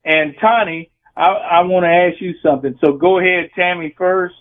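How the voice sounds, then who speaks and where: High-voiced Louisiana man on a phone line. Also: moderate pace. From Louisiana, USA. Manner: folksy and rambling. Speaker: caller. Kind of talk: call-in radio question.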